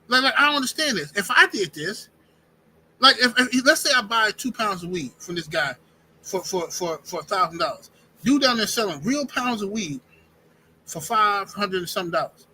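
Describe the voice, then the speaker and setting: A man hosting a live-streamed talk show, speaking in an animated, emphatic way, often restarting sentences. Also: sits high, moderate pace, slight background noise, low-quality recording. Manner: animated, emphatic, repeats words and restarts, says "bro" and "fam". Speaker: podcast host. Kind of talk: casual opinionated live-stream chat.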